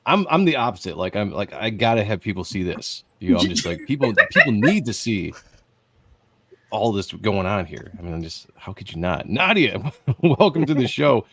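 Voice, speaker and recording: A man's voice: fairly low pitch, sing-song, normal speed. A man hosting a casual livestream panel, joking loosely as he welcomes each guest by name. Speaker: host.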